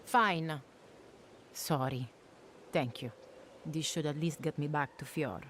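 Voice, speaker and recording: A woman's voice: low-pitched, slow, a bit bright, a little hiss or hum. An actress playing a wary, proud young woman with a thick put-on Italian-style accent in a video game. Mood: grateful. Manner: curt, then grudgingly thankful.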